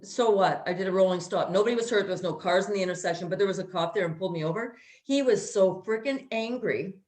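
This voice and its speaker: A woman's voice: medium pitch, fast talker, darkish tone. Blunt, swearing woman ranting in an echoey room. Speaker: co-host. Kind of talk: casual chat.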